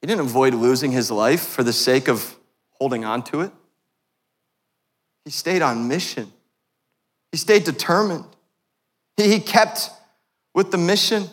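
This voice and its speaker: A man preaching a sermon as a pastor, passionate and joking with his congregation, swinging from hushed tones to loud, fervent peaks. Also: on the high side, a little slow, long pauses. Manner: laughs and jokes with the congregation. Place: church sanctuary. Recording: long reverb of a church hall.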